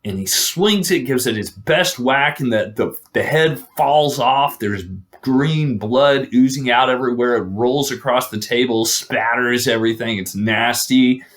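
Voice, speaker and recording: A man's voice: mid-range voice, measured pace, a bit bright. A man casually retelling an old legend, rambling with fillers and restarts.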